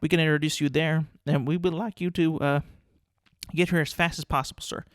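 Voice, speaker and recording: A formal, polite college official who keeps tripping over his words, as a man plays him in a comedy skit. His voice sits fairly high and sounds close and dry. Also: fairly even intonation, brisk, dry recording, natural voice. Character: polite male university official welcoming a coach.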